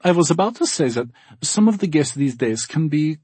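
A man's voice: a little high, expressive, normal speed, a little mellow, breathy edge, dry recording, voice pushed up. A man voicing a big, cheerful blond male AI guide with a slight German accent, polite and formal. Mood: apologetic polite.

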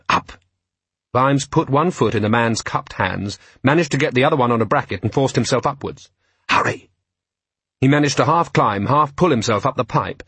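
A man narrating a novel in a measured, dry storytelling manner. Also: medium pitch, a bit bright, husky, dry recording. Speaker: audiobook narrator. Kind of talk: scripted narration.

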